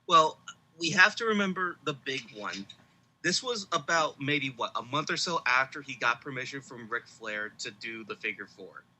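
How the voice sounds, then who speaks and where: A man co-hosting a casual podcast, quick to interject and argue his side. His voice is sharp and forceful, at an ordinary middle pitch. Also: lively intonation, low-quality recording. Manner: argumentative, interjecting. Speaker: podcast co-host. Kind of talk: casual chat.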